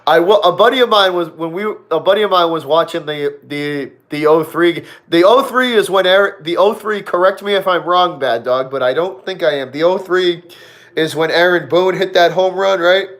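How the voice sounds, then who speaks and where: Young dude on a live stream just chatting, kinda high voice, keeps repeating himself. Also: male voice, normal speed, a bit bright. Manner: rambling, repeats himself, laughs often. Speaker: livestream host. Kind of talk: casual live Q&A chat with viewers.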